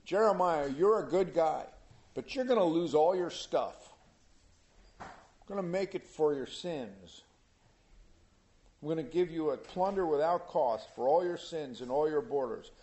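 A man's voice: on the high side, animated, measured pace, long pauses, a little mellow. A man leading an informal Bible study, reading scripture aloud and then explaining it in casual, everyday words to a small group. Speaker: Bible teacher.

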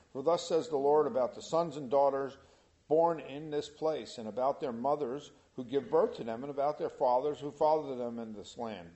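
A man's voice: medium pitch, a little mellow. A man leading an informal Bible study, reading scripture aloud and then explaining it in casual, everyday words to a small group. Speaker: Bible teacher.

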